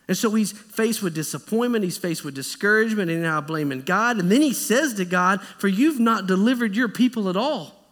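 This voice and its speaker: A male pastor preaching with a high, lively voice. He moves between plain storytelling and acted-out lines, and the sound hangs in a long church reverb. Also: normal speed. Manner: conversational, animated preaching with acted-out quotes. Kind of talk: sermon. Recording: echoey church hall.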